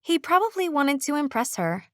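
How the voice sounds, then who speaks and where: A woman's voice: high-pitched, sing-song, moderate pace, no room sound, studio quality, voice pushed up. A woman voicing a scornful modern teenage girl who talks in casual slang. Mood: knowing.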